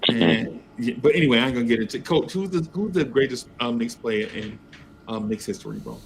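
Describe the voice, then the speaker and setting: A man's voice: mid-range voice, fairly quick, a little hiss or hum. A man hosting a casual sports talk show, telling stories with animation and acting out other people's voices. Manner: animated storyteller, acts out voices. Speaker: podcast host.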